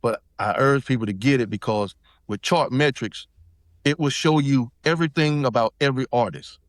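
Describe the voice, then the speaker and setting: This one is a medium-pitched man speaking at normal speed, captured in a dry, studio-quality recording. Middle-aged and from South Carolina, he's a podcast guest whose casual personal story wanders, with frequent restarts and fillers.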